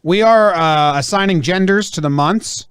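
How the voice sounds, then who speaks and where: Male podcast host, a bit high-pitched, loose hedging chatter, dry close mic. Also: moderate pace, fairly bright tone, clean tone, dry recording. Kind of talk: casual chat.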